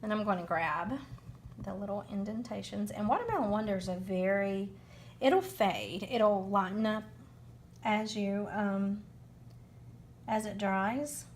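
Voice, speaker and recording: Slow, chatty Southern woman crafter. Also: medium pitch, slight background noise. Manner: chatty, rambling, thinks aloud with many pauses. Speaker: card-making demonstrator. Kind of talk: unscripted crafting demo.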